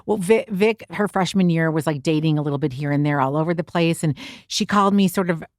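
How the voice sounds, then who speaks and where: A woman's voice: low voice, a little fast, no echo, clean studio sound. A woman in her fifties, the host's mother, chatting as a guest and telling long run-on stories. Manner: warm, doting, run-on storyteller. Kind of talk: casual interview chat.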